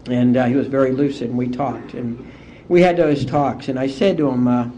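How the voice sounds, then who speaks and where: A middle-aged man from West Virginia shares his recovery story at an AA conference, his voice soft and mellow. He moves through the memories unhurried and heartfelt. The old conference tape sounds dull and muffled, with a faint hiss behind him. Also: mid-range voice, fairly even intonation. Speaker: AA speaker.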